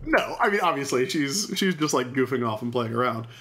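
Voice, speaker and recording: A man's voice: mid-range voice, lively intonation, pushed and bright. A man co-hosting a podcast, chatting loosely about a cartoon episode and acting out its lines for laughs. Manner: joking, rambling, quick to act out lines. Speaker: podcast co-host. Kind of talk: casual chat recapping a cartoon episode.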